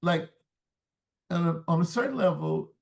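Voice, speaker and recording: A man's voice: a little high, expressive, moderate pace, vocal fry, darkish tone. A man talking as an interview guest in a reflective, searching way, often restarting words mid-thought. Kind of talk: casual interview talk.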